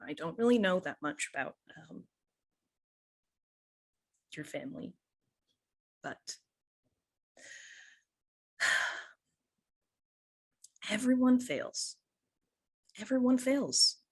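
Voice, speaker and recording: A game master voicing a caring woman who gently comforts a young person, speaking in a hesitant, reassuring manner. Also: medium pitch, expressive, takes it slowly, creaky, pauses often, exaggerated voice. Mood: gentle.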